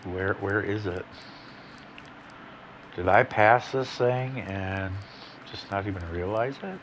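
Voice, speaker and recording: A man with a fairly low voice talks through his gameplay in a loose, rambling way. He is blunt and swears freely. Faint noise sits under the recording. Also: slow pace, fairly bright tone. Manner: laid-back, rambling, profane and blunt. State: yawning, a bit tired. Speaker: gaming channel host. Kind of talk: casual gameplay commentary.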